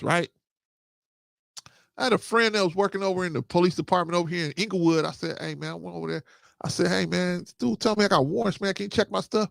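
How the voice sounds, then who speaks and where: A man's voice: high-pitched, gravelly, no room sound, clean studio sound. A man, in his thirties or older, hosting a casual talk and telling a story, often tagging lines with "man" and "right?". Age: 30s or older. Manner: animated, repeats "man" and "right?", quotes others. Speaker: podcast host.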